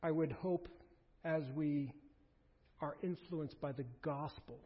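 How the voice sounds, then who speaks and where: In a church sanctuary, a pastor preaches earnestly and pleadingly to his congregation, often restarting his sentences. His voice is a little high, steady, slow, and husky, and the recording is muffled with a long hall echo.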